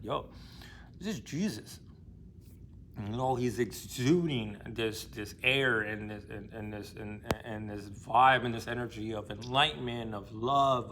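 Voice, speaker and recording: A man retells a classic novel in loose, rambling, casual talk full of fillers and slang. His voice sits at a middle pitch, with a faint hiss of background noise behind it. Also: fairly bright tone. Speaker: book discussion host.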